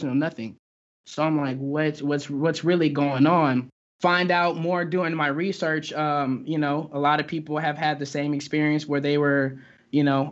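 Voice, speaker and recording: A young man, a guest in a casual interview, recounts his own experience in halting speech full of fillers and restarts. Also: fairly high pitch. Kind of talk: casual storytelling. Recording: dull lo-fi recording.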